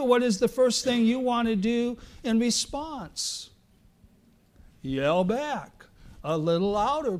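Male preacher, high voice, unhurried delivery, dynamic swings from hush to loud. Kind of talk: sermon.

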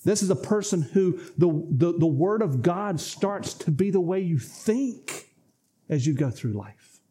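A man's voice: high-pitched, expressive, a little slow, warm tone, slightly rough. A man preaching a sermon, emphatic and repetitive, often addressing the congregation as folks. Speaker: pastor.

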